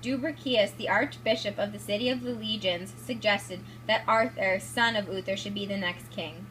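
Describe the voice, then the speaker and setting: A woman's voice: medium pitch, moderate pace, fairly bright tone, a little hiss or hum, rough recording. Young woman narrating a school video. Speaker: student narrator and actor.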